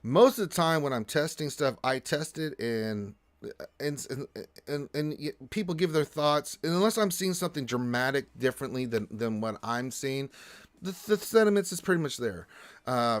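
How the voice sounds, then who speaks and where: Rambling male stream host, mid-pitched voice. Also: clear, resonant tone. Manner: rambling, filler-heavy, repeats words. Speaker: livestream host and game tester. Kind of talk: casual livestream chat.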